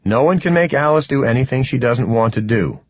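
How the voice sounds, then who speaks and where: A man reading an audiobook voices a calm, protective undead man who speaks matter-of-factly. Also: mid-range voice, a little fast, dry recording, pitched above the performer's own voice, lightly acted. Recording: dull, dry, slightly muffled.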